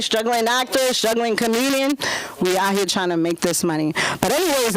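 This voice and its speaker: A woman in her thirties doing a brash, profane stand-up set at an open mic, jumping into squealing high voices for the people she quotes. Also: poor audio. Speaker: stand-up comedian. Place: comedy club stage.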